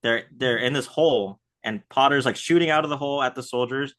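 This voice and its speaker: Man, podcast co-host, crisp bright tone, easygoing thinking-aloud delivery. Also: medium pitch, brisk. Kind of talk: casual chat.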